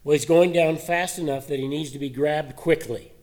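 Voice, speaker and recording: A man's voice: fairly high pitch, steady tone, normal speed, darkish tone. Man preaching in a conversational way. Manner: conversational, asks many rhetorical questions. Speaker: pastor. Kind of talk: sermon.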